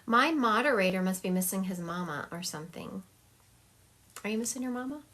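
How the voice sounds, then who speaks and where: A woman's voice: mid-range voice, animated, brisk, fairly bright tone. A woman psychic medium doing a livestream reading over a phone, chatty, laughing often and acting out what spirits say.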